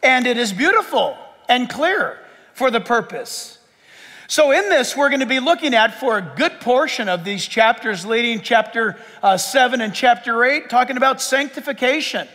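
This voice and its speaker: A man preaching a sermon as pastor, emphatic and swinging between loud and hushed. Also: extremely high pitch. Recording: long hall reverb.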